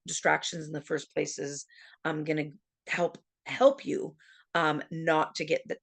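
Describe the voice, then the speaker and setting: A woman with a slightly low voice giving a webinar presentation. She talks casually and tells a personal story, acting out the lines of each person with energy. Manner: lively storyteller, acts out dialogue.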